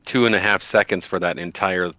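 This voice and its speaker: Deep-voiced man, animated gaming chatter. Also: brisk, dry recording. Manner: animated, jokey storytelling. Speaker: group player. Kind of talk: casual gaming chat.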